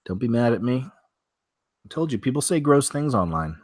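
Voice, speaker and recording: A man's voice: mid-range voice, very animated, moderate pace, no room sound, clean studio sound. A man hosting a weekly strange-news show from home, talking casually and rambling through stories with many fillers and restarts.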